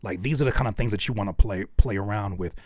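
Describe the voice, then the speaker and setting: A man's voice: lowish voice, fast talker, heavy background noise. A man giving spoken feedback on songs as host, coaching analytically and thinking aloud as he searches for words. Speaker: music reviewer.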